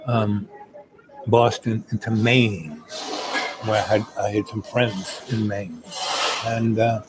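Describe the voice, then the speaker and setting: An older man telling a long personal story in a meandering, casual way, full of "you know" and pauses. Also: mid-range voice, mellow, slight background noise, rough recording.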